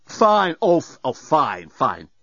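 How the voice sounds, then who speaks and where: A man's voice: mid-range voice, sing-song, normal speed, fairly bright tone, dry recording. A man voicing a flustered, sarcastic man given to histrionics in an audiobook, stammering, on a dry, slightly dull recording. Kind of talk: audiobook character voice.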